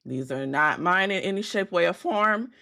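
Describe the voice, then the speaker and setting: A woman's voice: lowish voice, animated, moderate pace, gravelly, bright, forceful tone. A woman hosting a casual livestream, talking bluntly and with plenty of swearing to her viewers, her voice cracking because she has just woken up. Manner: blunt, profane, chatty with viewers. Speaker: livestream host.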